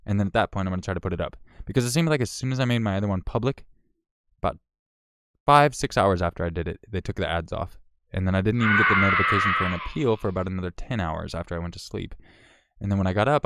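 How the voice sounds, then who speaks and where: A man with a low voice chats on a live stream, reading out donors' names. He is laid-back, swears freely and laughs as he goes. His tone is smooth and clear, and the sound is close and dry. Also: fast talker, fairly bright tone, dry recording. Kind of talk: casual live-stream chat.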